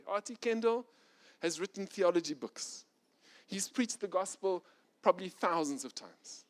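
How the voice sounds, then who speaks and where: A middle-aged male pastor preaching a sermon, swinging from loud, urgent passages to soft, quiet ones. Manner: animated preacher, rising loud and fast when intense, dropping soft and low.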